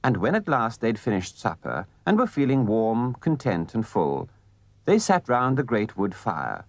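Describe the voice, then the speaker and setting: A man narrating a children's storybook with gentle, expressive delivery. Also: on the low side, measured pace, no echo.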